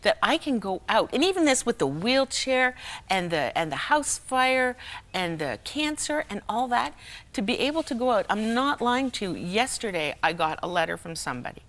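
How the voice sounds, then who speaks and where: Animated storytelling woman, bright voice. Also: on the high side, moderate pace. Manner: lively storyteller, acts out quoted voices, laughs often. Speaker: guest speaker and humorist. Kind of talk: telling a personal story on a talk show. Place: television studio.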